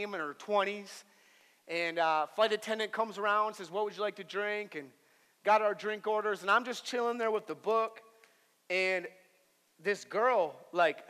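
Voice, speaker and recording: A young male pastor with a high, ringing, sharp-edged voice preaches in a church hall. His delivery moves between hushed, confiding stretches and loud, emphatic passages, with playful character voices when he tells a story. His words hang in a long hall reverb. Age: young adult. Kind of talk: sermon. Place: church auditorium.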